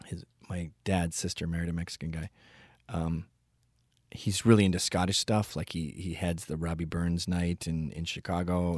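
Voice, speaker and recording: Male host, low-pitched, profane ranting storyteller, dry close mic. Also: no room sound. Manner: ranting, profane, deadpan asides. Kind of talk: comedic storytelling monologue.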